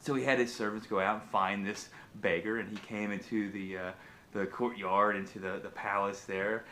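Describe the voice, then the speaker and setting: A man vlogging, telling a motivational fable in an animated, casual way with frequent restarts. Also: fairly low pitch, moderate pace, slight background noise. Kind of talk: motivational storytelling.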